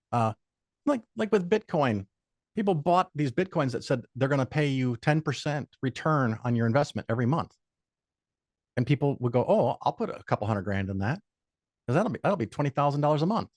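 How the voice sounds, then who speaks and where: A man's voice: mid-range voice, normal speed, no room sound, studio quality. Older man telling profane anecdotes. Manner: profane, animated anecdotes with quoted voices. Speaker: guest. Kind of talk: casual storytelling chat.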